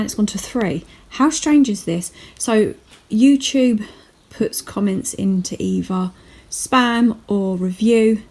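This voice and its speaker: A woman's voice: mid-range voice, dark tone, low-quality recording. Chatty woman vlogging. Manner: chatty and rambling, with self-mocking asides. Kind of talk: casual vlog diary.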